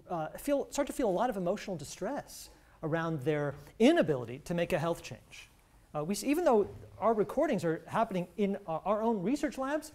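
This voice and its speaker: Earnest woman lecturer, lively pitch. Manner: earnest, explanatory, some restarts. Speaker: professor, relationship researcher. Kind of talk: scripted talk on couples' health.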